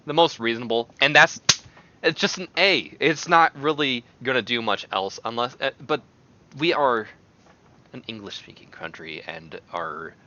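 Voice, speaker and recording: A man streaming and chatting casually, in an animated, rambling way that often breaks into exclamations. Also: medium pitch, highs cut off.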